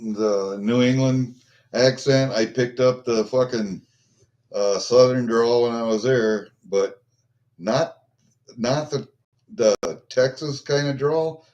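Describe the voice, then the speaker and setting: A man's voice: medium pitch, darkish tone, lo-fi sound. A middle-aged man chatting casually with his livestream viewers, rambling and swearing, with lots of fillers and restarts. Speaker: vlogger chatting with live viewers.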